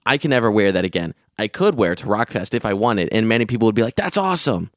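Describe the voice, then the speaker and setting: A young man with a low, smooth, resonant voice, talking casually on a podcast. He rambles, restarts and piles on fillers as he tells his story. The close mic leaves the sound dry, with no room around it. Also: racing, dry recording. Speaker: podcast co-host recounting a festival trip. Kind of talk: casual chat.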